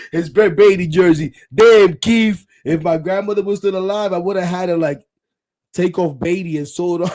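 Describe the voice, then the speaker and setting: A fired-up man hosts a live sports stream, joking, laughing and cursing as he shouts out his friends. His voice sits a little high for a man. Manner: animated, laughing, shouting out friends, swearing freely. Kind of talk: excited casual live-stream chat.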